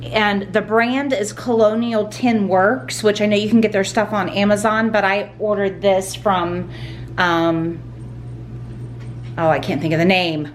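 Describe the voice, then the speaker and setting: A woman's voice: mid-range voice, fairly even intonation, unhurried, slight background noise. A middle-aged woman hosting a casual home decorating haul vlog, gushing and rambling with lots of ums and likes. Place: at home indoors.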